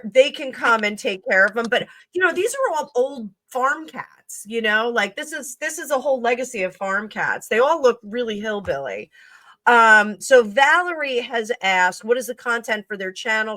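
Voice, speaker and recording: A woman's voice: fairly high pitch, sharp tone, dry recording. A woman hosting a casual live-stream chat as a tarot reader, rambling with many fillers and restarts. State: coughing at times.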